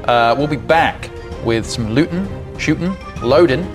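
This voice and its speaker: A man's voice: medium pitch, unhurried, over music. A man, narrating a tabletop game as game master in a playful way.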